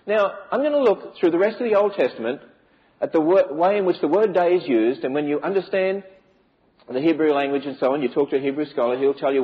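A man's voice: a little high, lively intonation, fast talker, highs cut off. A man giving an emphatic preaching lecture to a church audience, with many rhetorical questions. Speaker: speaker on biblical creation.

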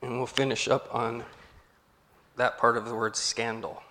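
Male preacher, chatty, asks the room questions; tense bright tone, echoing hall. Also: mid-range voice, level tone, a little slow. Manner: conversational, asks the congregation questions. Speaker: pastor. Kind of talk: sermon. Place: church hall.

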